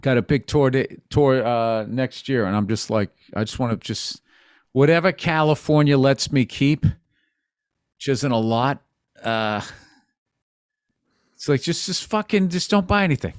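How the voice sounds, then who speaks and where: A man's voice: medium pitch, measured pace, pauses often, no room sound, studio quality. A man in his fifties co-hosting a comedy podcast, talking in blunt, profane casual chat with rambling asides. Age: 50s.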